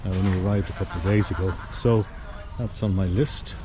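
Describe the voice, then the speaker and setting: A man's voice: low voice, steady tone, a little fast. Middle-aged irish guy chatting to his handheld camera on the street, easygoing and rambly, traffic noise all round. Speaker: travel vlogger. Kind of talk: casual chat to camera. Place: outdoors on a busy street. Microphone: handheld action camera. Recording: outdoor street noise behind.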